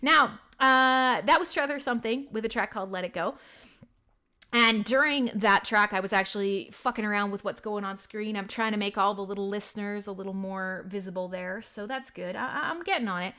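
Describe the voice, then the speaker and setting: A woman's voice: medium pitch, brisk, bright, forceful tone, smooth. A young woman hosting a casual live stream, chatting with viewers and swearing as she goes. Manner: chatty, swearing, laughing, self-mocking. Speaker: live stream show host. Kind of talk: casual live-stream chat, reading chat messages.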